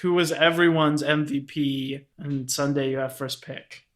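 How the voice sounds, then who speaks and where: A man hosting a casual film discussion podcast, chatty and relaxed, with lots of fillers. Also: fairly high pitch, unhurried. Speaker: podcast host.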